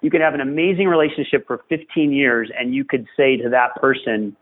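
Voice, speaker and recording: A man's voice: medium pitch, steady tone, a little fast. A man hosting a podcast conversation, talking like a coach and driving his points home by repeating them. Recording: tinny phone-like line.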